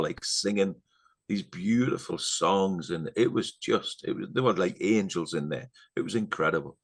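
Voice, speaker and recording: A middle-aged man with a very deep voice, talking as a podcast guest. He rambles through fillers and asides in casual chat. He often sinks into a hushed, earnest tone. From England.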